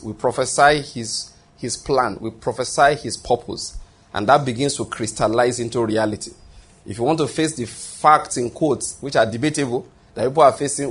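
A man delivers a sermon in a slightly husky, mid-range voice. He stresses key phrases by repeating them, breaks off and restarts sentences, and checks in with his listeners through rhetorical questions. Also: mid-range voice. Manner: repetitive, emphatic, with frequent restarts and rhetorical questions. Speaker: pastor.

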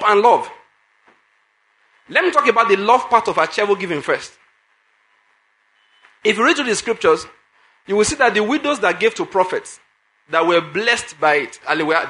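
A man's voice: high voice, pushed and bright. A man preaching a sermon, emphatic, repeating phrases and putting questions to his listeners.

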